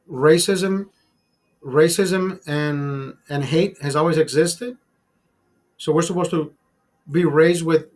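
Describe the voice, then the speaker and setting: A man with a somewhat high voice holds forth to his livestream chat. He talks in a heated, preachy way and swears freely. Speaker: livestream host. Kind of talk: casual talk to a live chat.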